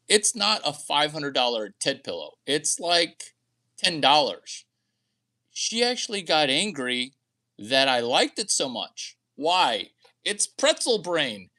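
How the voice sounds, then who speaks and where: A man's voice: a little high, pushed and bright. A man talking to camera in a rambling, crude, boastful monologue, often laughing at his own jokes. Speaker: vlogger.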